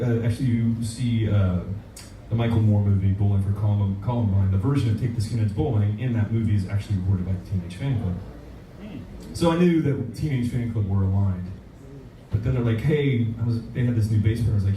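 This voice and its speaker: A man, a musician guest, telling a story in a casual, animated way and acting out the dialogue. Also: on the low side. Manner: animated, acts out quoted dialogue. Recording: echoey room, distant mic, noisy.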